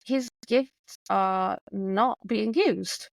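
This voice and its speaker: A woman guest, a self-employed coach, talking in an animated way in a conversational interview, with quick bursts of speech. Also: medium pitch, gravelly, no echo.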